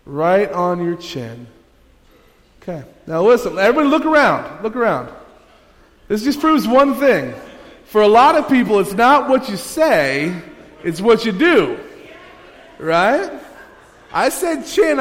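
Speaking to his congregation in a relaxed, jokey manner, a fairly high-voiced male pastor has them take part in little exercises throughout his sermon. A long echo fills the big hall around him.

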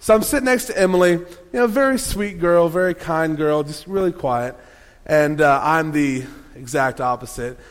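Man, preacher, sermon, animated storytelling, playful asides, slightly high voice, long hall reverb. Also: normal speed.

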